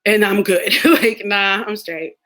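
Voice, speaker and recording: A woman's voice: mid-range voice, takes it slowly. A young American woman chatting casually on a live stream, telling stories with lots of laughter and playful impressions of other people. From United States. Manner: animated storytelling, laughs often, mimics others. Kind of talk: casual chat.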